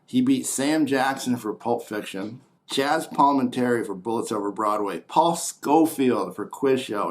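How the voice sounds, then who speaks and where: A man rambling through a casual comedic monologue, blunt and opinionated, trailing into muttered asides. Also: mid-range voice. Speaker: host.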